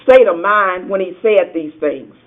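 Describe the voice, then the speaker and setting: A man teaching a lively Sunday school Bible class, quizzing the group and laughing often. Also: sits high, measured pace. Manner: animated, asks the class questions and laughs often. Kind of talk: interactive Bible lesson. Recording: tinny phone-like sound.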